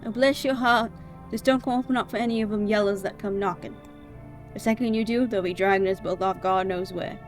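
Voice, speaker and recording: A woman's voice: mid-range voice, steady tone, a little fast, soft background music, close to an everyday voice. A woman voicing a folksy older Southern woman who has been evicted, with a Southern American accent and a drawling, colloquial way of talking.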